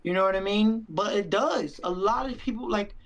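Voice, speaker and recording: A man's voice: high-pitched, normal speed, rough recording. A young man and stream co-host, talking earnestly and sincerely in a heartfelt casual chat, often repeating himself. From Mexican-American.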